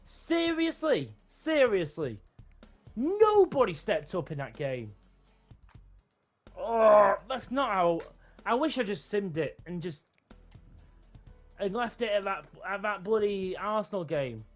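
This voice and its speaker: A man commentating his own football video game with loud, excitable reactions, then rambling through his thoughts with lots of restarts. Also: high voice, a little slow, pauses often, faint music behind. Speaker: gaming YouTuber. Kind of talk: live gameplay commentary and wrap-up chat.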